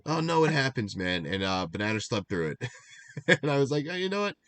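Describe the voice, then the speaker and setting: A young man co-hosting a casual stream recap, rambling and animated, laughing at himself as he goes. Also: on the low side, brisk, no room sound. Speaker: draft league recap co-host.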